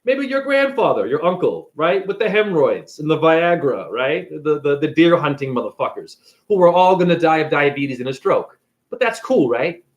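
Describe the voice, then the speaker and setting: A man with a fairly high voice rants casually about a film. He swears freely and jumps into little acted bits of each character. His pitch swings widely from line to line. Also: moderate pace. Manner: profane, animated, acts out characters. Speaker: spiritual video creator. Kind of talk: casual rant retelling a movie.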